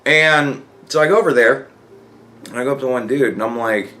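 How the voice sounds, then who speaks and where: A man's voice: mid-range voice, moderate pace, pushed and bright, a little hiss or hum. A young man telling a work story in a casual, profane rant, acting out the dialogue. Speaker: vlogger.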